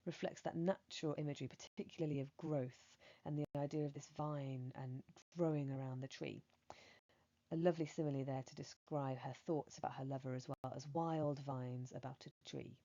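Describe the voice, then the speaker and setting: A woman teacher giving a measured, explanatory revision lesson, reading poetry aloud and talking through it. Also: very deep voice, warm tone, muffled recording. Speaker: English teacher.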